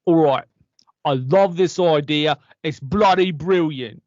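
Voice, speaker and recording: A man putting on a self-absorbed male movie star with a Cockney accent, rambling and oblivious in a high voice. The sound is dry and a bit dull, like lo-fi podcast audio. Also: takes it slowly, no echo. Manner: rambling, oblivious, deadpan boasting.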